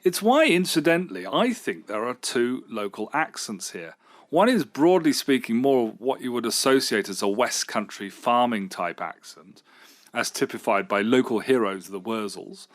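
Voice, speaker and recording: A man's voice: medium pitch, big pitch swings, moderate pace. A middle-aged man, a radio station manager, answering interview questions in an enthusiastic, rambling way with fillers and restarts.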